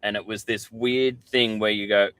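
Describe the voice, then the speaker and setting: Lowish-voiced Australian man telling stories. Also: fairly even intonation, moderate pace, fairly bright tone, clear, resonant tone, no echo. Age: middle-aged. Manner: candid storyteller, swears freely. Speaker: podcast guest. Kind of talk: casual podcast chat.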